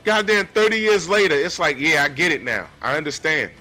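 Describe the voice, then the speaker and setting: A man in his forties giving animated, casual commentary on a comic book, talking straight to his viewers. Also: fairly high pitch, a little fast, soft background music. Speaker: comic book reviewer and artist.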